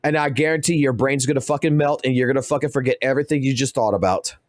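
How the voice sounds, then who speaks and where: A young man streaming, ranting crudely with constant cursing and animated outbursts. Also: medium pitch, fast, no room sound, studio quality. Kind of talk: profane ranting commentary.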